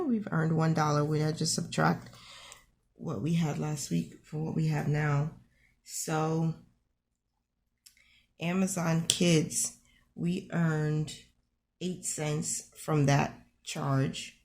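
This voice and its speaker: Low, gravelly-voiced woman budgeting vlogger. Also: takes it slowly, long pauses, darkish tone. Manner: friendly and encouraging, talks through numbers aloud. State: morning voice. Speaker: budgeting channel host. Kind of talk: casual screen-share budget walkthrough.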